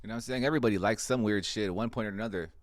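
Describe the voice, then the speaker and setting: A man's voice: on the low side, rapid-fire. A man doing a stand-up comedy routine, telling profane stories and acting out the people in them. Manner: profane, animated storytelling with voiced characters.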